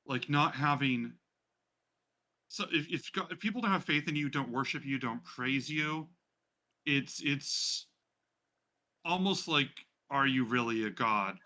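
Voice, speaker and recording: A man's voice: fairly high pitch, animated, moderate pace, bright, forceful tone. A man running a tabletop role-playing game, narrating in a chatty way with many fillers. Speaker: game master.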